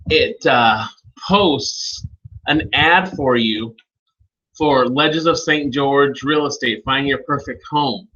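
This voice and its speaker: A man leading a live online training session, speaking informally and calling on attendees by name as he walks through software steps. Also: medium pitch, breathy edge, lo-fi sound. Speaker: webinar trainer.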